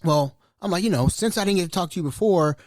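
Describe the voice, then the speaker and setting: A man, a chef, telling colloquial anecdotes in a casual, animated way. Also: high voice, fast, no room sound, studio quality. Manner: animated, colloquial, laughing asides. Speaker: chef, storyteller.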